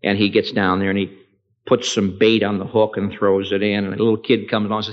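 A man preaching a sermon with strong emphasis, his voice swelling loud and high on key words and then dropping low, telling a story with acted dialogue. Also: little pitch movement, a little fast. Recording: echoey hall, dull lo-fi sound.

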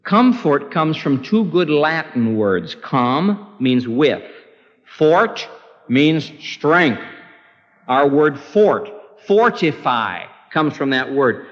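A man preaching a sermon with impassioned, pleading delivery, his voice climbing high in prayer. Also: very animated, very slow. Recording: dull lo-fi recording with long hall reverb.

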